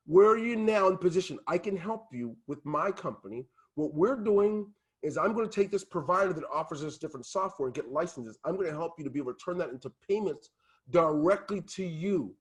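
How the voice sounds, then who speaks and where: Man, business coach, high-pitched, husky, passionate and emphatic, video call. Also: animated, normal speed. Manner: passionate, emphatic, sometimes loud. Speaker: team leader and business coach.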